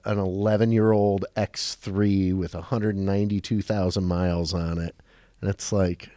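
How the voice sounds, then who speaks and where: A man's voice: dry recording, clean studio sound. A man in his forties telling stories from his car sales career on a podcast, with lots of restarts and quoted voices. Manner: animated storyteller, many restarts, acts out quotes in a higher voice. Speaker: car dealership guest. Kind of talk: podcast storytelling.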